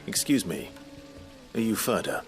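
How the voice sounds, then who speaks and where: A man voicing a grim, stern male swordsman in a video game, speaking in a measured, formal way. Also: deep voice, very animated, heavily acted. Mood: steady. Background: game soundtrack music.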